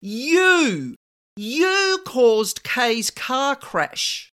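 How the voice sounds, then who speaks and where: A woman voicing another woman who confronts a spirit in a demanding, forceful tone. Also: on the high side, sing-song, slow.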